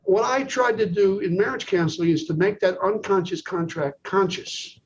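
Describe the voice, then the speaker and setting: A man's voice: sits high, moderate pace. A man, a psychologist being interviewed, telling a long anecdote and checking in often with "okay". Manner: storytelling, peppered with "okay". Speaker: psychologist guest. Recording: dull lo-fi recording with faint noise.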